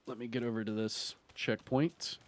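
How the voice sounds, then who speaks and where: A man in his thirties chats while he streams a game, spinning a loose, rambling story. He fills it with "like" and "you know" and breaks into laughs. His voice sits at an everyday middle pitch. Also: moderate pace, no echo. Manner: rambling, animated storyteller who laughs and uses many fillers.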